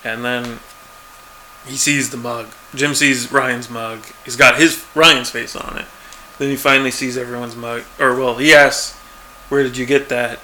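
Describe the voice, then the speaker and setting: Guy recapping a tv episode, bright voice, laid-back, faint hiss behind. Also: mid-range voice, flat delivery, unhurried. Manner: laid-back, chuckling, quotes lines from the show. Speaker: podcast co-host recapping a TV episode. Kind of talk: casual chat.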